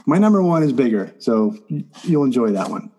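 A man co-hosting a casual podcast chat, animated and teasing, laughing often. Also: mid-range voice, brisk. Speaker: podcast co-host.

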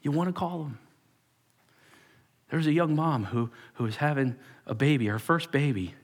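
A man's voice: a little high, normal speed. A male pastor giving a sermon to his church, acting out quoted voices and dropping to whispers for emphasis. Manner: animated, acts out quoted voices, drops to whispers.

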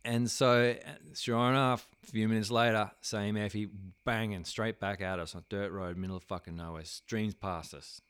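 A man with a deep, low voice spins a rambling, profane anecdote, full of fillers and false starts. The sound is dry and close, with no room around it. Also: fairly even intonation, moderate pace, fairly bright tone, clear, resonant tone, no echo. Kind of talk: casual storytelling anecdote.

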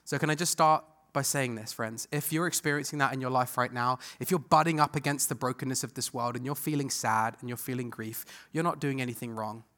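Earnest, bright-voiced male preacher. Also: medium pitch, brisk, hardly any pauses. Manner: earnest, swings from loud emphasis to hushed tenderness. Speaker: pastor. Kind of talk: sermon.

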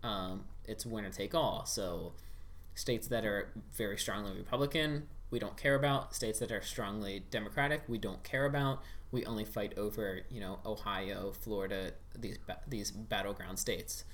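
A man's voice: lowish voice, moderate pace, fairly bright tone. A man chatting as a podcast guest, a former campaign staffer who explains things step by step with frequent ums. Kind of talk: casual explanatory chat.

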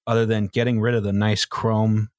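A man's voice: fairly low pitch, level tone, normal speed, a little mellow, a little hiss or hum. A young man hosting a podcast, bringing up news items in a dry, laid-back way. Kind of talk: casual news-recap banter.

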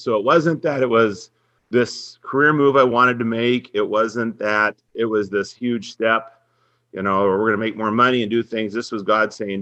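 A middle-aged man tells a long personal story in an earnest, animated way. His voice sits fairly low but comes across bright and forceful. The recording is dry and a little muffled. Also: moderate pace, dry recording. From Minnesota. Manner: earnest, faith-centered storytelling, animated when quoting others. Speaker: head women's basketball coach, guest. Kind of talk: storytelling in a podcast interview.

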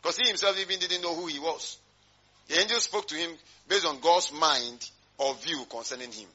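A man's voice: fairly high pitch, moderate pace, sharp tone, breathy edge, dull audio. A male pastor preaching a sermon, emphatic and rhetorical, drawing call-and-response from his congregation.

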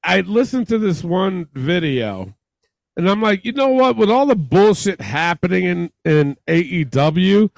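A man's voice: sits high, sing-song, a little slow, vocal fry, no echo, poor audio. A man co-hosting a podcast in loose, rambling chat with plenty of swearing. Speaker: podcast co-host. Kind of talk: casual chat.

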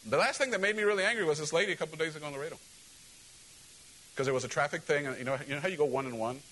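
A male pastor preaching a sermon in an animated, joking way, often asking the congregation questions. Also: fairly high pitch, rapid-fire, poor audio.

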